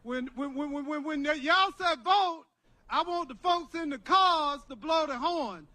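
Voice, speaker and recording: A man's voice: very high-pitched, a little slow, sharp tone. An older man speaking at an outdoor rally, leading a preacher-style call-and-response. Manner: preacherly, rousing, repetitive.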